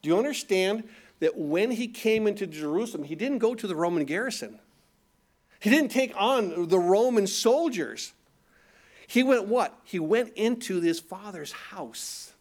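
A man's voice: high voice, lively intonation, unhurried, a little mellow. A man preaching a sermon, reading scripture aloud and explaining it, often asking his listeners rhetorical questions and repeating words as he goes. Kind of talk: expository sermon.

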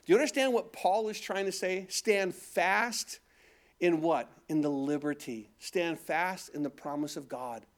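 A man's voice: on the high side, a little slow. A man preaching a sermon, asking the congregation questions and answering them, building in intensity as he goes. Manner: call-and-response questions, rising in intensity. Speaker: pastor.

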